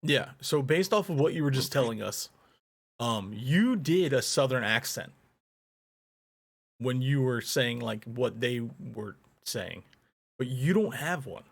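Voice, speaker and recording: Gravelly-voiced casual podcast host. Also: male voice, medium pitch, lively intonation, measured pace. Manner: asks questions, laughs easily. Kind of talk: casual interview.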